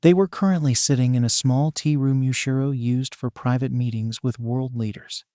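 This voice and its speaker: A man reads a fan-fiction story aloud in an even, steady way, his middle-pitched voice recorded close and dry with no room sound. The delivery stays measured from line to line. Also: clean tone, dry recording. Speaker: narrator. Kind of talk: scripted fan-fiction narration.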